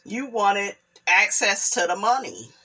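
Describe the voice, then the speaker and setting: A woman's voice: mid-range voice, sing-song, slow pace, sharp tone. A woman giving opinionated commentary on celebrity gossip, in a preachy way, repeating lines for emphasis and often asking "okay?".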